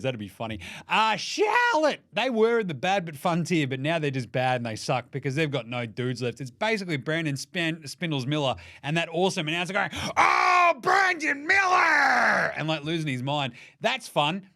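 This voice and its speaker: An Australian man giving a comedic basketball ranking rant, mocking and full of quick jokey asides. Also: fairly high pitch, very animated, a bit bright. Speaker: basketball commentator.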